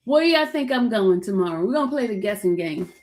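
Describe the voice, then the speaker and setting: A woman's voice: medium pitch, lively intonation, fairly quick, darkish tone. A woman hosting a casual livestream chat, talking straight to her viewers, calling them by name and repeating herself as she goes. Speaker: livestream host. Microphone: streaming setup.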